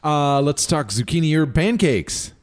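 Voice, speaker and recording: Lively, teasing male podcast co-host. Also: on the high side, a little slow. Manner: easygoing, teasing, lively intonation. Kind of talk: casual chat.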